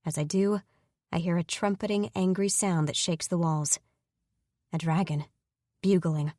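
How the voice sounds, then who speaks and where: Low-voiced woman narrating an audiobook. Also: fairly even intonation, a little slow, mellow, no room sound, studio quality. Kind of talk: first-person fantasy romance narration.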